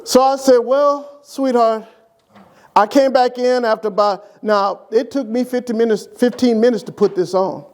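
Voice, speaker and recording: A man's voice: very high voice, normal speed, hardly any pauses. An older man, a church deacon, telling humorous, affectionate stories about his late wife to an interviewer. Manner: lively, animated anecdote telling to an interviewer. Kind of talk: humorous memorial storytelling.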